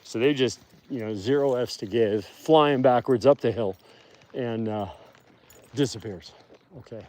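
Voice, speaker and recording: A man's voice: mid-range voice, measured pace, a little mellow. A man live-streaming from the woods at night on a handheld phone, telling a long story in a rambling way full of fillers. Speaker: live-streaming wolf keeper. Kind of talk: casual live stream chat. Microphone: phone held while walking.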